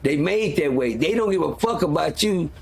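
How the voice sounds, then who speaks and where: A man's voice: on the high side, lively intonation, moderate pace, vocal fry, darkish tone, breathy edge. A man hosting a live stream, talking in a heated, profane and rambling way, full of restarts and fillers. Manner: frequent restarts and filler words. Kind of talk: casual live-stream rant.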